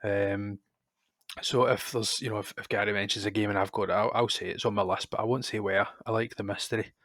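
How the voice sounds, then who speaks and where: Rambling Scottish man, low dry voice. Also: steady tone, a little fast, fairly bright tone, dry recording. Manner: rambling, many restarts and fillers. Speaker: podcast co-host. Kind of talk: casual chat.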